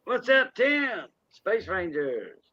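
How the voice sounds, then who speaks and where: A man's voice: high voice, big pitch swings, slow, lo-fi sound, crowd noise. A man with a Cajun Louisiana accent hosting a casual livestream chat, greeting viewers by name and laughing easily. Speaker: livestream host.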